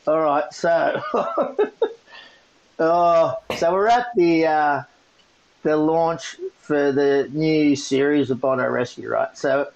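An Australian man co-hosting a podcast, telling a story in a casual, animated way and laughing often. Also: on the high side, slow, creaky, highs cut off. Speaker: podcast co-host.

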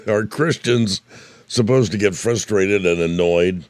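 An older man from Indiana delivers a folksy devotional talk in a very deep, low voice, his throat strained as though he is about to lose it. The sound is dry and close, with no room around it. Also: takes it slowly, darkish tone, no room sound. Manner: folksy, storytelling. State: losing his voice. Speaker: radio preacher.

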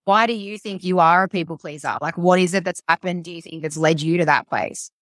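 Earnest, low-voiced woman coach. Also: a little fast, fairly bright tone, no room sound, studio quality. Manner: earnest, explanatory, leans on "like" and "you know". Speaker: mental health and performance coach, guest. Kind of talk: conversational podcast coaching talk.

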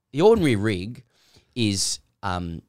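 Laughing man, low and dry. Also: big pitch swings, slow, a little mellow, dry recording. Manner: chatty, laughing storyteller who repeats himself. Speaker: podcast co-host. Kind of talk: casual chat.

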